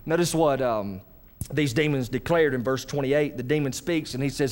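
A man preaching a sermon, animated, speaking directly to his congregation. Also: medium pitch, moderate pace. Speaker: pastor.

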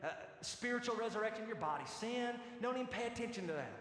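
Sly whispering false teacher, as a preacher puts him on. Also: male voice, high-pitched, expressive, quick pace, a bit bright. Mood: confiding. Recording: echoey hall reverb.

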